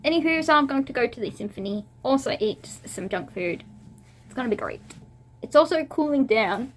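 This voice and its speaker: A woman's voice: a little high, expressive, normal speed, slight background noise. A young woman chatting casually to camera in a vlog, rambling and laughing at herself, a little teary. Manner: rambling, self-amused, giggly. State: teary and emotional. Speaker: vlogger.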